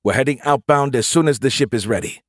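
A man's voice: medium pitch, quick pace, dry recording, studio quality, voice pushed up, natural voice. A man playing a senior colonel giving terse, matter-of-fact orders aboard a ship. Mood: terse command. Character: gruff male senior colonel commanding a ship.

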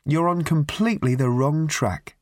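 A man voicing a playful, affectionate young woman who teases lightly, pitched somewhat above his own voice. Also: moderate pace, no echo, studio quality, lightly acted. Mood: teasing. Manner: teasing, light.

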